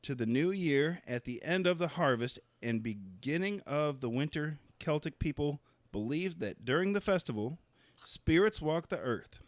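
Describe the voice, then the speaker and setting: Lively podcast co-host explaining facts. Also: male voice, a little high, normal speed, no echo. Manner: laughing often, explains while being interrupted. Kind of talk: casual chat, reading out facts.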